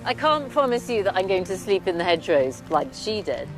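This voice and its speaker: A woman's voice: medium pitch, brisk, over music. A woman historian and curator presenting and narrating a documentary with keen enthusiasm. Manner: enthusiastic, expressive.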